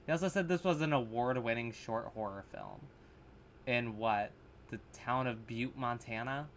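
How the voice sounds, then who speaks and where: A man's voice: mid-range voice, moderate pace, a bit bright, a little hiss or hum. Man rambling through a horror review. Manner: rambling, filler-heavy, swearing, sarcastic. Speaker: horror reaction vlogger. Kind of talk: casual rambling commentary. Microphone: camera mic.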